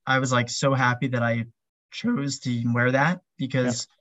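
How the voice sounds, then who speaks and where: A man's voice: medium pitch, steady tone, measured pace, fairly bright tone, no echo. A man chatting casually as an interview guest, rambling with lots of "um" and "like" fillers. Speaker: podcast guest, ultrarunner.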